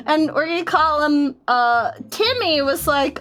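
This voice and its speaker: High-voiced woman telling a story unhurriedly. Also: a little slow, hardly any pauses, faint music behind. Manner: animated, laughing, acts out friends' voices. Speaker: streamer and military veteran. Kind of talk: casual storytelling on a live stream.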